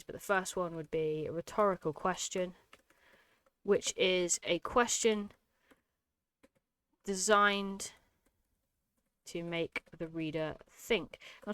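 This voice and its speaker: A woman's voice: on the low side, fairly bright tone, clean tone, no echo. A woman teaching an exam-prep lesson, emphatic and explanatory, often checking in with "okay?". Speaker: English tutor.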